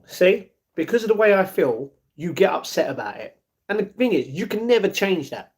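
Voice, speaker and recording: A man's voice: sits high, very animated, normal speed. A man, livestreaming and answering chat in a downcast, blunt way. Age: 40s. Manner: downcast, blunt, reads chat messages aloud and answers them.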